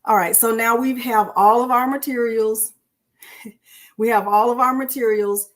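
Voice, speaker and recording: A middle-aged woman, hosting a casual live-stream crafting tutorial and talking to viewers in a chatty, warm-hearted way. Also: a little high, steady tone, normal speed. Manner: chatty and emotional, addresses viewers as y'all.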